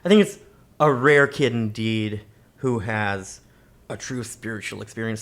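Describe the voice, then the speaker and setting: A man guesting on a podcast, speaking reflectively in halting, searching phrases. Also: on the low side, fairly bright tone. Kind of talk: casual chat.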